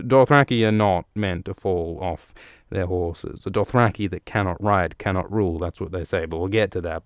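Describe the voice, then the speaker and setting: A man's voice: low voice, dry recording, studio quality. A man hosting a podcast, recapping a book chapter in a joking, profane, rambling way. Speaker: podcast host.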